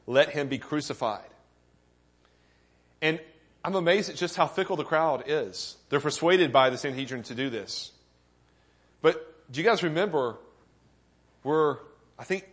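A man preaching a sermon as pastor, earnest and often asking the congregation questions, rising with emphasis at key points. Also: medium pitch.

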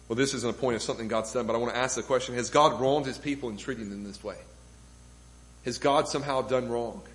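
A man's voice: mid-range voice, rough recording. A man preaching a sermon to a congregation, building emphasis with rhetorical questions. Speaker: pastor. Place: church room with congregation.

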